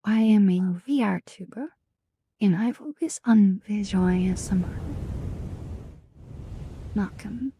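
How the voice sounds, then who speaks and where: A young woman hosting a live stream in whispered role-play, talking softly and affectionately, often dropping into a whisper. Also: medium pitch, slow pace, long pauses, a little hiss or hum. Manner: soft, affectionate, alternating whisper and quiet voice. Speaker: streamer host.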